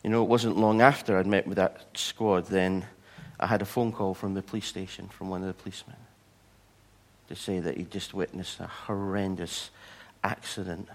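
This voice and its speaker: With a low-pitched voice and moderate pace, a preacher tells stories from his own life during a sermon, playing out the characters in animated voices.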